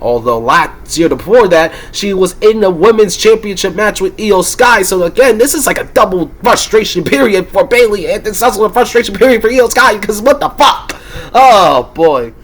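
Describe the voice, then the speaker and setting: A man losing his voice, giving heated, frustrated wrestling predictions in a ranting vlog and breaking into loud, swearing outbursts. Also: sits high, expressive, moderate pace, few pauses. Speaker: wrestling commentator and YouTuber.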